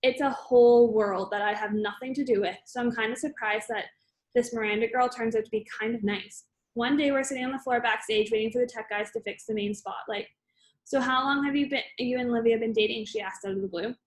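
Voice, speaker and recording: A woman's voice: on the high side, steady tone, a little fast, low-quality recording. A woman reading a novel aloud in first person, plainly, with small slips and self-corrections. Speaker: audiobook reader.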